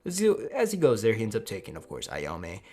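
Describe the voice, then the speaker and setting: A man narrating a fan-made story in a crude, rambling way, swearing freely. His low voice is gravelly and husky, with lively swings in pitch. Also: brisk. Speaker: YouTube storyteller. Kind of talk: casual fan-fiction narration.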